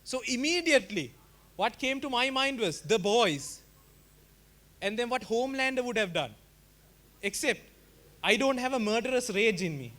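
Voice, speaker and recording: A young man tells a stand-up story in a loose, rambling, self-mocking way. His voice sits very high and sounds bright and forceful, and he keeps turning to address the crowd directly. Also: lively intonation, normal speed, long pauses. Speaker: stand-up comedian.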